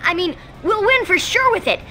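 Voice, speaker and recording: A woman's voice: extremely high pitch, expressive, moderate pace, sharp tone, a little hiss or hum, full character voice. An actress playing a folksy, rowdy female possum racer with a drawl, in a video game cutscene. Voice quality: twangy hick drawl.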